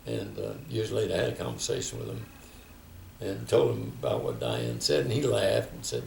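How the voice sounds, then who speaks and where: An older man tells his stories reflectively, giving voice to the people in them. His low voice is heavily gravelly and moves widely in pitch. It was recorded in a reverberant room with a faint hiss behind it. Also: animated, a little slow, far from the mic. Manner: reflective storytelling, quoting others. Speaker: interviewee. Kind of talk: oral history interview. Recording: echoey room, faint background noise.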